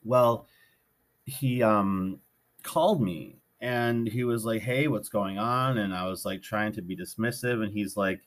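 A man's voice: lowish voice, measured pace. A man hosting a podcast alone, talking in an earnest, rambling way, often correcting himself, with the hiccups. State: has the hiccups. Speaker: podcast host. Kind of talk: casual solo podcast monologue.

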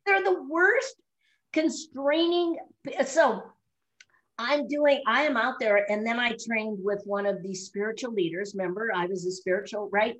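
A middle-aged woman chats on a podcast, laughing freely as she tells her stories. Her voice sits a little high and bounces with energy. She talks in a casual, unscripted way. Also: measured pace, poor audio. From Chicago area. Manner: animated storyteller, laughs often. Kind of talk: casual chat.

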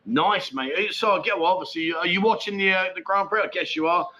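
A man's voice: high-pitched, fairly quick, bright, forceful tone, low-quality recording. A man hosting a live stream chat show from home, rambling casually through viewer comments, swearing freely and laughing often. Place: at home with a dog nearby.

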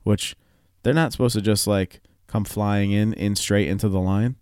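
A man's voice: fairly low pitch, fairly even intonation, normal speed, a little mellow, smooth, no room sound, clean studio sound. A man co-hosting a casual podcast chat, telling stories with lots of swearing and laughter. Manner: profane, storytelling, laughs often. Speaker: podcast co-host.

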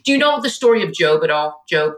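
A woman in her forties telling a painful family story on a podcast, animated and at times tearful. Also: fairly low pitch, fast. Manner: animated, tearful retelling, quotes others in her own voice. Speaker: podcast guest. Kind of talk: emotional personal storytelling. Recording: echoey room.

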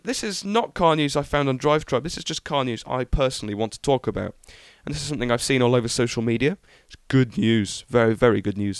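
A man's voice: medium pitch, clear, resonant tone, dry recording, clean studio sound. A young man hosting a podcast, chatting casually and enthusiastically about car news with lots of ums. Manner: rambling, enthusiastic, many ums. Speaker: podcast host.

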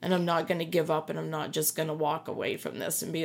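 A woman's voice: low-pitched, little pitch movement, quick pace, vocal fry. A middle-aged woman, a podcast guest and the host's mother, speaking earnestly and reassuringly in an emotional conversation, often repeating herself for emphasis.

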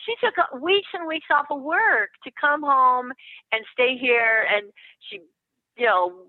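A woman's voice: sits high, unhurried, dry recording. Older woman on a tinny phone line. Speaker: guest therapist. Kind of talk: casual podcast interview.

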